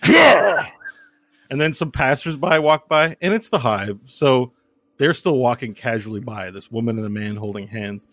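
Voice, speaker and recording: A man narrating a tabletop game as game master, lively and descriptive. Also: mid-range voice, normal speed, dry recording.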